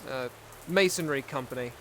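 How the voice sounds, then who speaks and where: A man voicing a young male sergeant in a casual roleplay, rambling and pausing to search for words. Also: mid-range voice, fairly bright tone, slight background noise, close to an everyday voice. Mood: reminiscing. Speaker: roleplay player.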